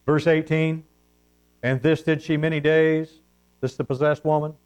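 A man's voice: fairly high pitch, flat delivery, moderate pace, darkish tone, clear, resonant tone, rough recording. A man preaching a sermon, retelling a scripture story in his own words and asking his listeners "amen?". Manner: retells scripture with acted-out quotes, calls "amen?".

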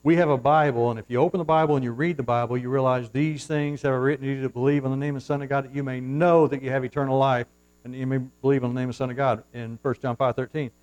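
A male pastor preaching a sermon from the pulpit, swinging from hushed asides to loud, fervent surges and reading scripture in formal old-fashioned wording. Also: mid-range voice, fairly even intonation, fast, rough recording. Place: church, at the pulpit.

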